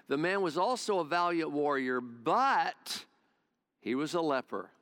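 A male pastor preaches with folksy, conversational storytelling, wandering easily between scripture and personal asides. His voice is a bit higher than most men's and a little bright, with lively intonation and a measured pace.

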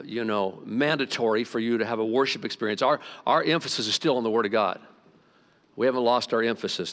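A man's voice: mid-range voice, a bit bright. A male pastor delivering a conversational, emphatic sermon with asides to his congregation. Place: church hall. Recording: long reverb of a large hall.

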